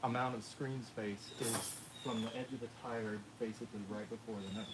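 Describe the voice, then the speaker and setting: A man's voice: on the low side, fairly even intonation, moderate pace, noisy background. Teasing man from Texas behind the camera. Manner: teasing, dry. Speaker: camera helper. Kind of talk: casual banter behind the camera.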